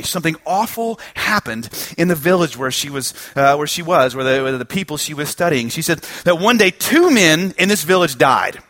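A man preaching a sermon, telling stories that swing from hushed lows to loud emphatic highs. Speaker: pastor.

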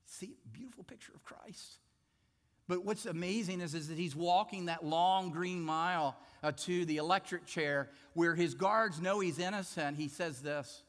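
A man's voice: sits high, fairly bright tone. Man preaching in an echoing hall. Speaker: pastor. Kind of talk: sermon.

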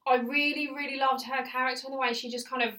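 A woman's voice: high voice, little pitch movement, fast talker, sharp tone. A woman co-hosting a casual film podcast, enthusiastic and blunt, swearing casually. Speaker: podcast co-host.

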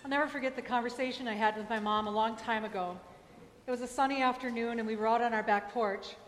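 A woman's voice: on the high side, a little hiss or hum. Woman preaching in an echoey church. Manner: candid, personal storytelling with emphatic asides. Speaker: pastor. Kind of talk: sermon. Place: church sanctuary.

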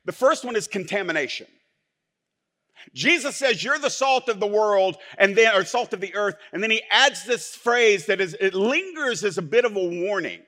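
A male pastor, preaching a sermon that swings from soft, low asides to loud, forceful declarations. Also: animated, normal speed.

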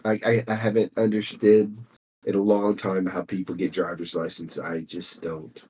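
A man's voice: lowish voice, level tone, warm tone, breathy edge. Rambling man on a podcast. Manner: rambling, halting restarts, drawling. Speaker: podcast co-host. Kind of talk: casual chat.

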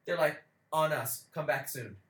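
A young man spins a rowdy story as a podcast co-host, cursing freely and slipping into the voices of the people he met. His voice sits a bit high and sounds bright and forceful. The room is noticeably echoey. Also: unhurried. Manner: animated, profane, acts out quoted voices. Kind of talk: casual storytelling chat. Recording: roomy echo.

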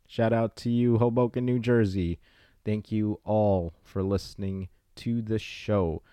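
A man hosting a podcast, giving casual, playful shout-outs and hyping up listeners. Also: medium pitch, fairly even intonation, measured pace, clean tone, dry recording. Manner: hyped, playful, riffs on names. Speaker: podcast host.

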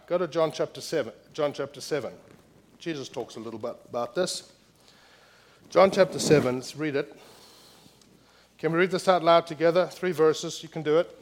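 Emphatic male pastor preaching. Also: mid-range voice. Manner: emphatic preaching, repeating key phrases, grows loud reading scripture. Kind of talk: sermon. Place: church.

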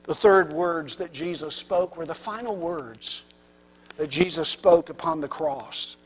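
A man preaching a sermon with passion, his delivery swinging from hushed near-whispers to loud, rising cries. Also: on the high side, expressive, normal speed. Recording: long reverb of a large hall.

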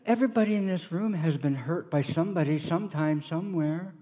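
A middle-aged man preaching a sermon as a pastor, animated and acting out the voices of the people in his story. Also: a little high, a little fast, big-room sound. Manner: animated, acts out voices of characters.

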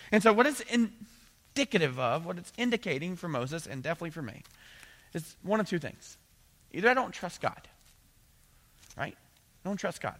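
A man's voice: on the high side, sharp tone. A middle-aged man giving a conversational sermon, acting out voices and often asking "right?". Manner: conversational preaching, acts out voices, frequent "right?". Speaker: pastor.

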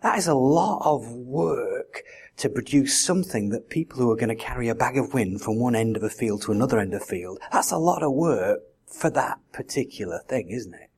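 A man's voice: medium pitch, expressive, a little fast, a little mellow, husky. A man preaching a sermon in a conversational way, full of rhetorical questions. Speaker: pastor.

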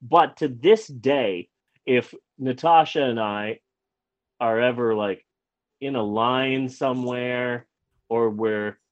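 A man casually telling a personal story, animated, stumbling over and repeating words, and swearing freely. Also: medium pitch, takes it slowly, lo-fi sound. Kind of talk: casual anecdote.

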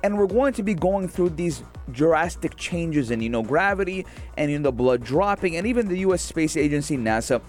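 A man's voice: on the high side, moderate pace, few pauses, soft background music. A man co-hosting a radio show, chatting casually and jokily with lots of fillers in a studio. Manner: jokey, animated, lots of fillers. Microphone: studio microphone.

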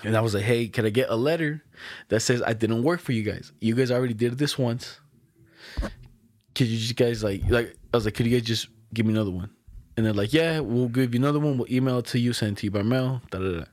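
A young man telling a story in casual chat, animated and slangy, acting out the other people's lines with frequent laughs. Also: mid-range voice, fast talker, dry recording. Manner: casual slang-heavy talk. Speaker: podcast co-host telling a story.

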